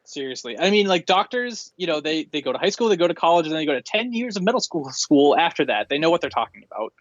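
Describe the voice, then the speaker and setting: A man's voice: a little high, big pitch swings, quick pace, no echo. A man co-hosting a podcast, making dry, sarcastic remarks. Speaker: podcast co-host. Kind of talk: casual podcast chat. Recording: dry, dull lo-fi mic.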